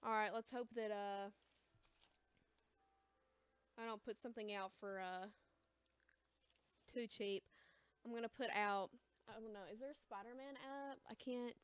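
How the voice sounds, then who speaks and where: A young woman with an American accent chatting casually while selling comics on a livestream, hesitant and rambling, calling herself quiet and awkward. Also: on the high side, fairly even intonation, moderate pace, smooth, no room sound. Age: young adult. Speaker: shop livestream seller. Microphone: close mic, chewing gum.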